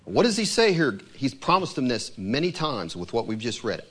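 A man's voice: on the high side, very animated, moderate pace. A man preaching a sermon who reads scripture aloud and asks his listeners questions.

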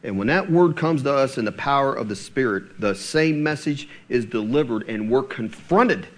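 A man's voice: mid-range voice, lively intonation, normal speed. A male pastor preaching a sermon, emphatic and full of rhetorical questions.

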